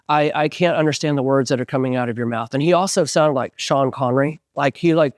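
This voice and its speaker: A man in his forties, a band singer, telling stories in an animated way as an interview guest and acting out the voices of people he quotes. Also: on the high side, fast, no echo, studio quality. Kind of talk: casual storytelling interview.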